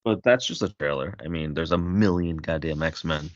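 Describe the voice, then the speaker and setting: A man's voice: extremely low pitch, normal speed, dry recording. A man co-hosting a casual podcast who rambles with many fillers. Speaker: podcast co-host. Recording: dry, dull lo-fi mic.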